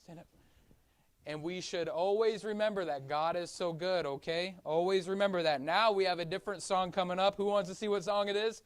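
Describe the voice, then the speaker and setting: A woman's voice: lowish voice, fairly quick, clear, resonant tone. Upbeat woman leading a kids' class. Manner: upbeat, coaxing, sings and shouts along. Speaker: children's Sunday school teacher. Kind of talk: leading kids in song and chat. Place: church classroom.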